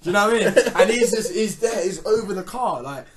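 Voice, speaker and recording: A man's voice: high voice, fast talker. A man spins a long anecdote as a podcast guest. He laughs often, restarts his sentences, and speaks in a slightly raised voice. Crowd noise sits behind him. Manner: animated, laughing storyteller with many restarts. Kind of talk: casual storytelling.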